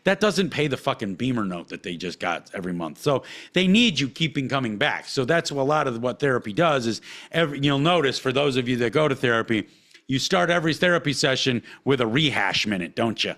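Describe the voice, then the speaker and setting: Podcast host, man, mid-pitched, profane ranting monologue that jumps from muttering to loud outbursts. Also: expressive, fairly quick. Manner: heated, swearing constantly, swings between low mutters and loud outbursts.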